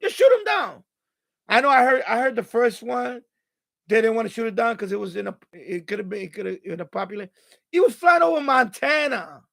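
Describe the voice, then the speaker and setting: A man's voice: very high-pitched, expressive, fairly quick, gravelly, fairly bright tone. A man live-streaming about radio, ranting in an exasperated way and swearing freely at a desk mic.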